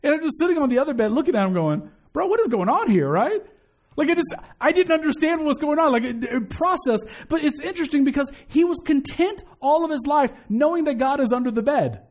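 A man's voice: very high-pitched, animated, brisk. A man giving a conversational sermon as a pastor, earnest, repeating key phrases and often restarting his sentences. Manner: frequent stammered restarts.

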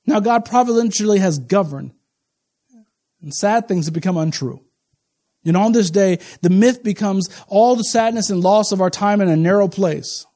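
A man in his forties, a pastor with a notably high voice, delivers a sermon. He drops low and close for confiding asides, then draws out words slowly and loudly when he proclaims. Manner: swings from low, intimate asides to loud, slow, emphatic proclamation.

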